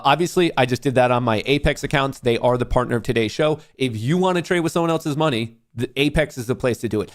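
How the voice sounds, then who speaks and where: A man with an ordinary mid-range voice hosts a live trading stream. He talks fast and brashly, swearing, cheering his positions on and boasting. He also explains a sponsor's service in plain, steady terms. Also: medium pitch. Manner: excitable, cheering at the screen, profane. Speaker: livestream host, day trader.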